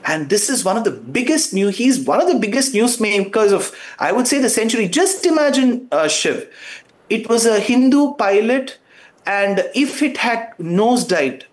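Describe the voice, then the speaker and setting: A man's voice: high voice, sing-song, normal speed. A man, a guest giving fervent, emphatic commentary on a talk show.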